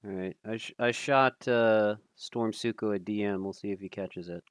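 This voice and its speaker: A man casually commentating a live stream, thinking aloud with fillers, self-deprecating and quick to laugh. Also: on the low side, fairly even intonation, clean tone, no echo, studio quality.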